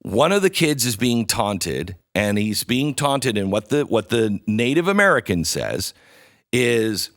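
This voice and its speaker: Male talk host, lively pitch, slow deliberate pacing, dry close studio sound. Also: no echo. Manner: animated storytelling, acts out quoted voices. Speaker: show host. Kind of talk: commentary, retelling video clips.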